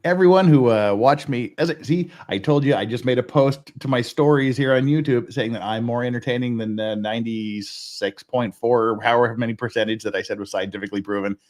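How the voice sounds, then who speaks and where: A man's voice: medium pitch, fairly quick, few pauses, a little mellow. A man hosting a livestream in casual chat, rambling and joking at his own expense. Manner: self-mocking, rambling, joking. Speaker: host.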